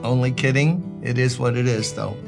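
A man's voice: mid-range voice, moderate pace, vocal fry, over music. An older man from Brooklyn, a pastor giving a folksy, joking devotional talk that turns emphatic. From Brooklyn, New York.

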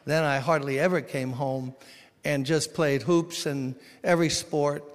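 A man from Brooklyn, preaching a sermon as pastor, swinging between loud exhortation and quiet storytelling. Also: a little high, fairly even intonation, a little slow. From Brooklyn, New York. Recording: long reverb of a large hall.

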